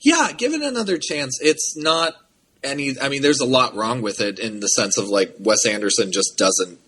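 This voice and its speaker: Chatty podcast host, lively asides. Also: male voice, mid-range voice, slight background noise. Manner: animated, quick asides, hesitant restarts. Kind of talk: casual chat.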